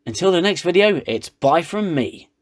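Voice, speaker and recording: A man's voice: high-pitched, sing-song, moderate pace. A man giving a sarcastic, ranting comedic recap of a TV episode. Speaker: reviewer.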